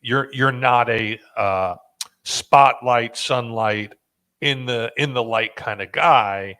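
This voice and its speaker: A man's voice: mid-range voice, slow, bright, forceful tone, smooth. A man hosting a podcast, talking loosely and joking, with frequent fillers and restarts. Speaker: podcast host. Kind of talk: casual podcast chat.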